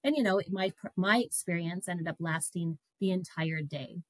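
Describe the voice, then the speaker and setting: A middle-aged woman guest telling a personal story in an animated way, breaking into laughter. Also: on the low side, moderate pace, dry recording, low-quality recording.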